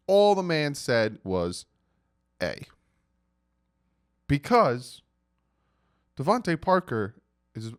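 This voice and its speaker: A man giving casual sports commentary in a vlog, animated and mocking, reading out quotes with emphasis. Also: fairly high pitch. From United States.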